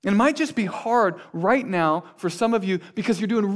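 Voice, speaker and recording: A man preaching a sermon in a fairly high voice. He speaks earnestly, builds through repeated phrases, then drops to a near hush. His delivery is steady and pastoral. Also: moderate pace, hardly any pauses. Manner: earnest, building repetition with sudden quiet drops.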